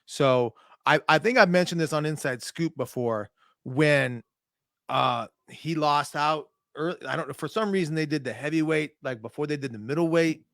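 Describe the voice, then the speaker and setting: A young man from Minnesota tells a fight story as a podcast guest, acting out what people said in an animated, lively way. His voice sits a little high for a man. It is recorded dry and close, with no room sound. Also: normal speed, no room sound. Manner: animated storyteller, acts out quotes. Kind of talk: casual chat.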